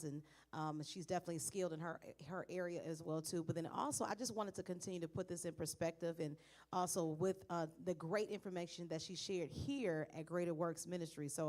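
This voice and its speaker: A woman's voice: lowish voice, darkish tone. A woman church leader thanking a speaker and addressing the congregation at a leadership meeting. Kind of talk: church announcement.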